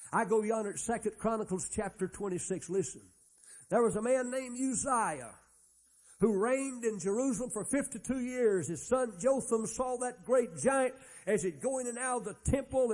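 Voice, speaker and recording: A man's voice: high-pitched, darkish tone. A man preaching a sermon, retelling Bible stories in a folksy way and acting out the characters' lines. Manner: folksy storytelling, acts out Bible characters' dialogue.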